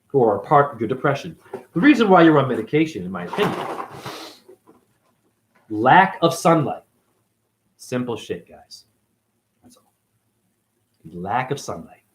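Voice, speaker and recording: A man delivering an angry, confrontational monologue as a self-styled spiritual teacher, swearing constantly. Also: mid-range voice. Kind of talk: profane ranting monologue.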